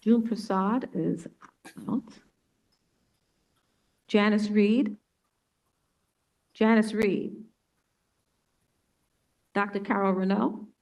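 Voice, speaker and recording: Slow, deliberate woman calling roll. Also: mid-range voice, steady tone, creaky, a little mellow, rough recording. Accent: New York. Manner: slow, deliberate name-reading. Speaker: board meeting chair. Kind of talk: roll call at a public meeting.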